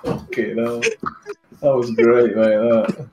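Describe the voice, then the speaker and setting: A man, teasing his friends loudly in a gaming voice chat and laughing often. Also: medium pitch, steady tone, slow pace, reverberant, dull audio. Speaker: gamer in voice chat. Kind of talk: casual banter.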